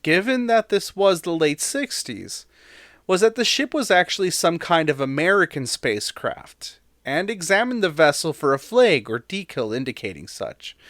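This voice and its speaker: Man, fairly high voice, dry close sound, casual podcast storytelling, reads quotes aloud. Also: a bit bright, no room sound. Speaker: podcast co-host.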